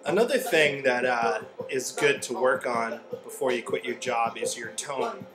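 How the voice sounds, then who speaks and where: A young man in a deadpan, casual comedic style, giving mock how-to advice as the host of a comedy video. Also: mid-range voice, measured pace, music in the background.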